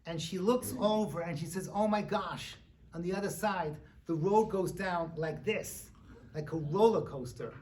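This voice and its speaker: A man giving a humorous sermon as a rabbi, animated and joking with fillers. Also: high voice, normal speed, a little hiss or hum. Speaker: rabbi lecturer. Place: synagogue lecture.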